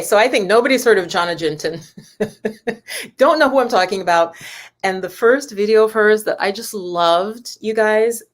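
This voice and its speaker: Chatty woman hosting a live stream. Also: medium pitch. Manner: chatty and rambling, talks straight to the viewers. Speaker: spiritual teacher and yoga host. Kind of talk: casual live-stream chat with viewers.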